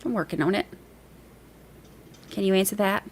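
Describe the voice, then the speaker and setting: A woman's voice: medium pitch, normal speed, a little hiss or hum. Chatty woman hosting a livestream. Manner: chatty, rambling, laughs easily. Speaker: livestream host reading viewer chat. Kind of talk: casual livestream chat.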